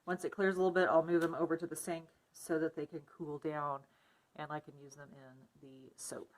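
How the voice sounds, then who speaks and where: Woman, low-ish voice, casual how-to narration, chatty, many ums. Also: level tone, normal speed. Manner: chatty, explains step by step with fillers. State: muffled by a face mask. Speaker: soap maker.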